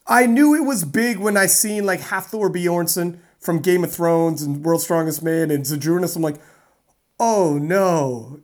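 A woman's voice: lowish voice, moderate pace. Chatty woman telling a wild story. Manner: animated, rambling with fillers and laughs. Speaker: strongman athlete guest. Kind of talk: casual storytelling interview.

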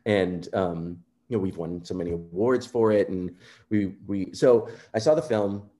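Man, low voice, mellow tone, earnest animated storyteller, interview chat. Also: moderate pace. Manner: earnest, animated storyteller who acts out quotes. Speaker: composer guest.

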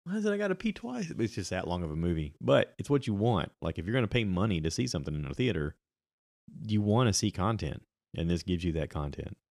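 Give me a deep-voiced middle-aged man in a dry room, casually rambling about what he watched. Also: animated, fairly quick, gravelly, darkish tone, no echo. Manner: rambling, with many ums and restarts. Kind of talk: casual solo chat about movies and podcasts.

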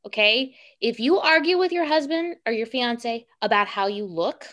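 A woman's voice: a little high, animated, moderate pace, a bit bright. A young woman co-hosting a casual podcast chat, giving emphatic, playful advice to other women. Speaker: podcast co-host.

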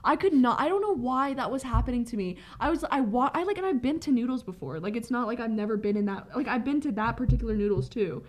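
A woman's voice: a little high, expressive, fast, few pauses. A young woman in a casual chat, rambling through a story with frequent swearing and laughter.

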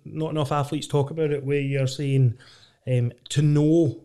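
Male host, warm dark tone, friendly and encouraging, quick to agree. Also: fairly high pitch, little pitch movement, smooth. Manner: encouraging, chatty, short backchannels. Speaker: interview host, former footballer. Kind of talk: casual interview chat.

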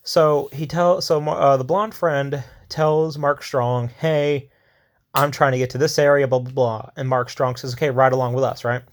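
A man's voice: mid-range voice, fairly even intonation. Rambling man recapping a war film. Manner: rambling, with many fillers and asides; acts out the characters' lines in quick quotes. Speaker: film reviewer. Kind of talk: casual spoken movie recap.

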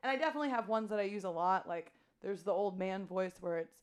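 A woman's voice: mid-range voice, quick pace, few pauses. A young adult woman, a teacher co-hosting a podcast, chatting casually and acting out quoted thoughts as she talks. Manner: animated, talks through her thoughts with quoted asides. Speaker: podcast co-host, classroom teacher. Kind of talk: casual chat.

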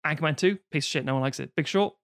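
A man talking films in a loose, swearing chat with a fairly high voice. He bursts into squeaky mock voices when quoting characters. The recording is dry and close, with no room sound. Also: rapid-fire, no room sound. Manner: swearing, animated, acts out quotes in sudden high voices. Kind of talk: casual film review chat.

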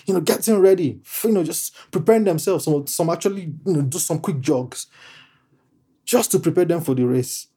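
Slow, mellow-voiced male preacher. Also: a little high, breathy edge. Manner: slow, deliberate preaching with emphatic repeated phrases. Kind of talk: sermon.

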